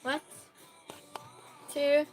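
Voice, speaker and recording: A woman hosting a quiz game on her live stream, reading chat messages aloud in a casual way, sometimes loud and sometimes dropping almost to a whisper. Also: soft background music. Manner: reads chat aloud, slow and chatty, swings between loud outbursts and soft near-whispers.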